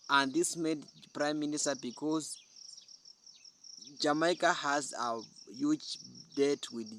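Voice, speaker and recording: Male commentator, earnest and repetitive, mid pitch, faint crickets behind. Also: a bit bright, slight background noise. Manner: repetitive, restarts often, earnest. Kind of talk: spoken opinion commentary.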